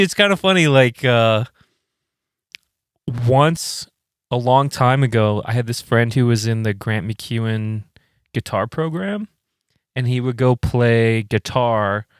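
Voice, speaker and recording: A man in mid pitch recounting band mishaps on a podcast, jumping into quoted voices and swearing freely. His voice sits dry and close, with no room sound around it. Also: slow, smooth, no echo. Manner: animated storyteller who acts out quotes with lots of swearing. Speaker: band member and podcast co-host. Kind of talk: casual podcast chat.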